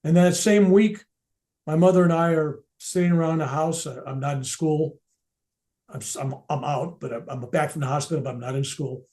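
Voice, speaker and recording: A reverend, an older man addressing a veterans event, recounts his own spiritual story with earnest reflection. The voice is a little high and dark in tone, moving at a normal speed.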